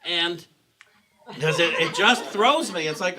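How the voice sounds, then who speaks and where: A man's voice: high voice, slow, sharp tone. A man giving a sermon as pastor, talking in a personal, conversational way and often restarting his sentences. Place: church sanctuary.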